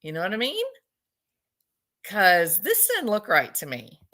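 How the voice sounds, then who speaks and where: A woman's voice: mid-range voice, huge pitch swings, a little slow, sharp tone. A woman giving casual, chatty commentary on a video clip and often asking her viewers questions. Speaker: commentator analyzing body language.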